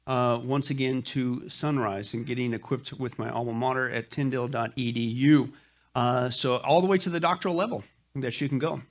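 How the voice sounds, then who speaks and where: A middle-aged male pastor giving jokey, folksy church announcements to his congregation, with lots of "uh" fillers. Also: medium pitch. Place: church sanctuary.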